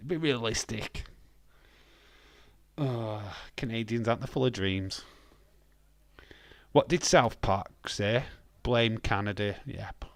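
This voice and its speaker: A man's voice: mid-range voice, takes it slowly, creaky, long pauses, dry recording. A man hosting a live stream, reading out the chat and trading laughing, sweary banter.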